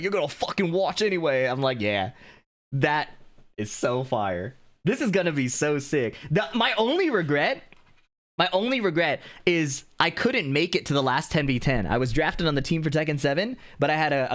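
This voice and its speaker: A man chatting casually on a live stream, animated and laughing, swearing freely as he talks. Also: a little high. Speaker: streamer and video maker.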